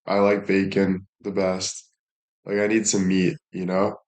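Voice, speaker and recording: A man's voice: sits low, completely flat delivery, unhurried, a little mellow. A young man chatting casually on a live stream, thanking viewers and joking crudely with plenty of swearing. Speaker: livestreamer.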